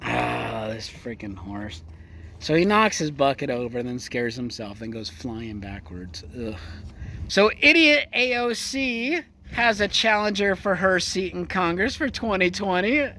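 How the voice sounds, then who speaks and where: Man, sarcastic rant, crude and mocking, slightly high voice, outdoors. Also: very animated, a little slow, pushed and bright, slight background noise. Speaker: vlogger. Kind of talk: casual political rant. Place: outdoors near a horse.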